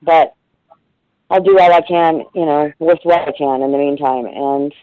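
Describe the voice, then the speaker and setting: A woman's voice: deep voice, normal speed, no room sound, narrow, tinny audio. A middle-aged woman guest in a casual radio interview, talking in a rambling, heartfelt way with plenty of swearing.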